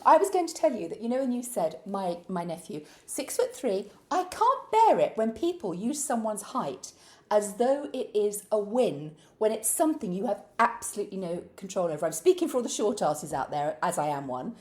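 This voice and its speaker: Teasing woman, lively chat. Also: medium pitch. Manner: chatty, teasing, quick to laugh. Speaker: podcast co-host. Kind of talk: casual chat.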